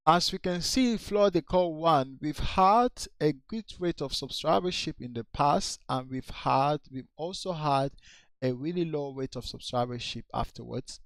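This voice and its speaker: A man slowly reviewing an account's social media posts, repeating his advice in a coaching way. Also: a little high, no echo. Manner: slow, repetitive, coaching. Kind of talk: casual screen-share review.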